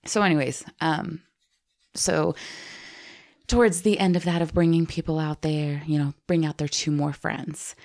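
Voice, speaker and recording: A woman's voice: deep voice, measured pace. A woman co-hosting a podcast, telling a story casually and with feeling, teary at times. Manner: animated storytelling, tearful and laughing. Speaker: podcast co-host. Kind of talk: casual chat.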